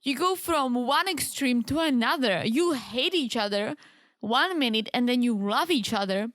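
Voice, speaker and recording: A woman's voice: on the high side, expressive, normal speed, a bit bright, no echo, studio quality. A woman co-hosting a podcast, giving opinionated reality TV recaps and acting out quotes. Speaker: podcast co-host. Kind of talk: casual reality TV recap chat.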